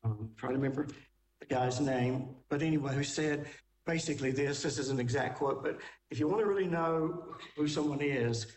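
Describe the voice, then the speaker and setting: A man's voice: medium pitch, normal speed, a little mellow, roomy sound, distant mic, rough recording. A man hosting, commenting on a played clip in a conversational way, thinking aloud and restarting his sentences. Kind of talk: reflective commentary.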